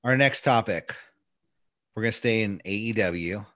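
On a casual podcast, a male host chats in a loose, profane way, often slipping into mock voices. His lowish, fairly bright voice moves at a moderate pace in a clean studio recording with no room sound.

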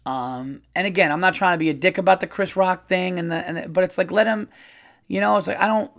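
Profane, fast-rambling comedian host. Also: male voice, high-pitched, vocal fry. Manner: profane, animated, rambling with restarts. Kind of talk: casual monologue.

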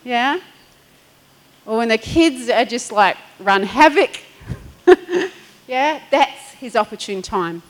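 A woman's voice: on the high side, lively intonation, slow pace, pauses often, poor audio. Chatty woman pastor preaching. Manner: chatty storytelling with laughter and acted-out quotes. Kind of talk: sermon.

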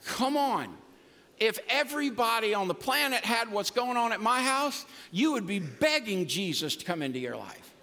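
A man's voice: high-pitched, big pitch swings, normal speed, pushed and bright. An older man preaching a sermon as pastor, emphatic and folksy with humor. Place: church sanctuary. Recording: long reverb of a large hall.

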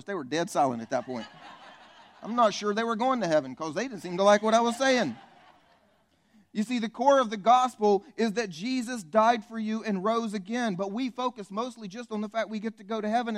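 Lively preacher man. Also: sits high. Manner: energetic, joking, calls out to the congregation. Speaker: pastor. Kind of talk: sermon. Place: church in front of a live congregation.

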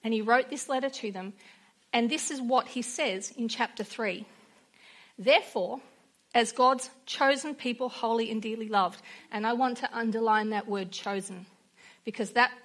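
A woman's voice: a little high, normal speed, fairly bright tone. Earnest woman preaching a sermon. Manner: earnest, personal storytelling.

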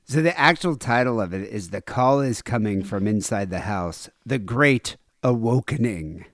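A man's voice: fairly low pitch, animated, moderate pace, no room sound, clean studio sound. A middle-aged man co-hosting a comedy podcast, jokey and playful. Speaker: podcast co-host. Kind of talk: casual comedic chat.

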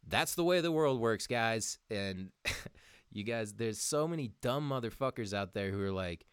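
This young podcast host, with a fairly low, expressive voice and a clean tone, speaks at a moderate pace as he heatedly rants, curses freely, and says "dude" to listeners constantly. He reads articles aloud in a casual monologue, captured in studio quality with no room sound.

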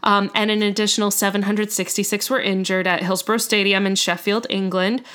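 A woman's voice: medium pitch, level tone, a little fast, a bit bright, clean tone. A woman co-hosting a podcast, telling a long story in casual chat, chatty and full of fillers and self-corrections. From United States. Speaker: podcast co-host.

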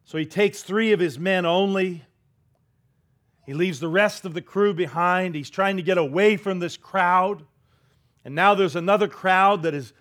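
Pastor, male, high voice, dramatic storytelling sermon with hushed asides. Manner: dramatic storytelling, drops to a hush for quoted words; leads the congregation in call-and-response.

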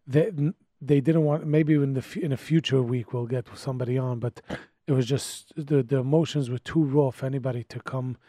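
Male call-in radio host, mellow tone, halting delivery with many restarts. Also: mid-range voice, steady tone, no echo, clean studio sound.

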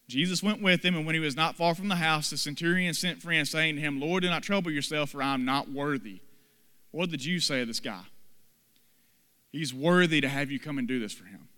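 A man preaching a sermon, dramatically acting out the people in the story with sudden loud and soft swings. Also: fairly high pitch, clear, resonant tone, long reverb tail. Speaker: pastor.

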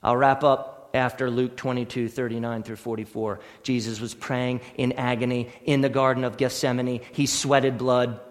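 A man preaching a sermon as pastor, earnest, dropping to a hush and then rising to force, repeating his questions. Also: medium pitch, level tone, moderate pace, few pauses. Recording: long reverb in a hall.

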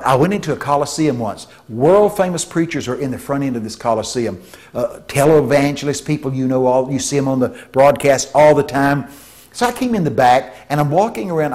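A man preaching a sermon, telling stories with vocal sound effects and swinging between hushed tones and shouts. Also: mid-range voice. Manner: shifts from hushed to shouting for emphasis.

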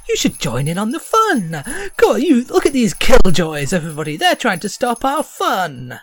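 A man's voice: sits high, huge pitch swings, normal speed, a bit bright, dry recording, pitched above the performer's own voice, exaggerated voice. A man voicing a mocking masked jester who capers and taunts in a sing-song way. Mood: gleeful.

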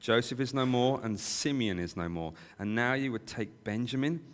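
A man's voice: mid-range voice, lively intonation, moderate pace, lightly acted. A man voicing an old, grieving father who refuses to let his youngest son go, read aloud from scripture. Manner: sorrowful. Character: older grieving father, protective. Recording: long hall reverb.

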